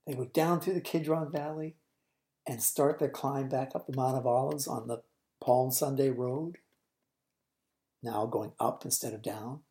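During a sermon, a woman preacher tells a scene as a story in a low, dark, mellow voice at a measured pace. She swings between booming emphasis and near-hushed lines to paint the moment vividly.

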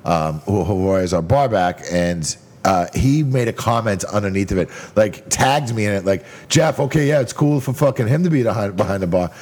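Male host, bar owner, rambling and profane, lively pitch. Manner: profane, rambling, quick talk. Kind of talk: casual podcast chat.

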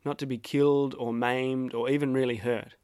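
A man with an Australian accent narrating a reflective personal essay in a measured, wry, self-deprecating way. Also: mid-range voice, level tone, a little mellow, clean tone, dry recording, studio quality.

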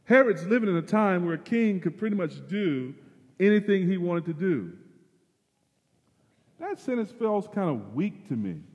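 Man preaching in an echoing hall. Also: high-pitched. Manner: preaching with wide swings from loud emphasis to hushed, drawn-out phrases. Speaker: pastor. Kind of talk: sermon.

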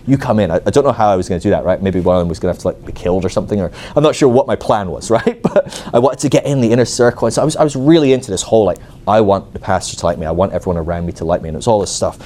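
Male preacher, storytelling sermon, quick and animated, mellow tone, self-mocking. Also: fairly low pitch. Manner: animated, self-mocking, acts out his own angry inner voice; many fillers like "like" and "right?". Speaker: ministry school teacher.

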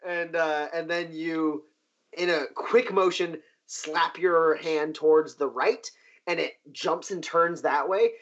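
A man narrating a tabletop game as game master, animated and loose, often jumping into high cheering crowd voices. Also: slow pace, lo-fi sound.

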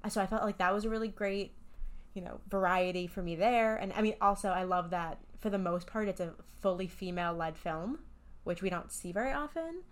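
A woman co-hosts a podcast, chatting casually, enthusiastic and candid, with some swearing. Her mid-range voice moves fairly quickly.

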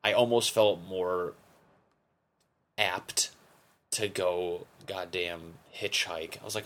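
Low-voiced rambling podcast host, a young man. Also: steady tone, slow pace, long pauses, a bit bright. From Connecticut. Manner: rambling, profane, self-deprecating. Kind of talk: casual solo podcast monologue.

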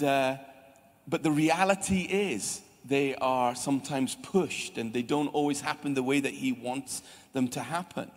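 Scottish male pastor with a fairly high voice, conversational sermon, long church-hall reverb. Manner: lively, chatty preaching with asides to the congregation.

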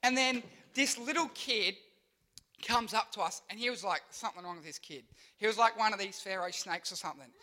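An animated young man preaching to youth, with a high voice. He tells Bible stories in a lively, joking way, throwing in sound effects and silly voices. His tone is bright and forceful. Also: fairly quick. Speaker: youth pastor. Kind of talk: energetic youth sermon.

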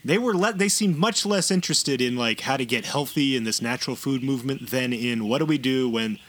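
A man's voice: medium pitch, brisk, slight background noise. A man co-hosting a podcast in casual chat, joking and laughing often. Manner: animated, jokey, laughs often. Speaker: podcast co-host.

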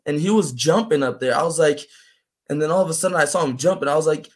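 A young man from Brazil, a native Portuguese speaker, telling his story in a casual interview, animated and full of "man" and "like". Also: on the high side, fast. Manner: animated, acts out voices in quotes, fills with "man" and "like". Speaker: guest.

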